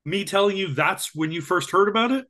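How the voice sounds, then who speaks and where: A man's voice: high voice, expressive, fairly quick, pushed and bright. A man co-hosting a podcast in casual chat, opinionated and blunt, often stopping to restart his sentences. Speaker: podcast co-host.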